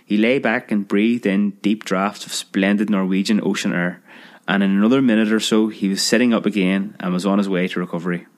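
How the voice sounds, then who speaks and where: A man reading a story aloud, lively, putting on voices for the characters. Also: on the low side, a little fast. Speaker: narrator. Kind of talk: scripted narration of a children's memoir.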